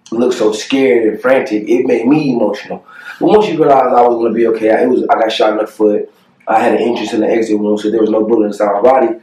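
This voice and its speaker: A young man telling a painful personal story to the camera, earnest and halting, with many fillers and pauses. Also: mid-range voice, warm tone, recorded from a distance. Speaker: family vlogger. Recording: echoey room, voice a bit off-mic.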